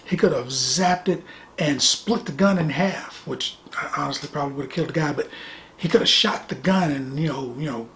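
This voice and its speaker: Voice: medium pitch, normal speed, fairly bright tone, slight background noise. A middle-aged movie reviewer talking casually and animatedly, with sarcastic asides and phrases repeated for effect.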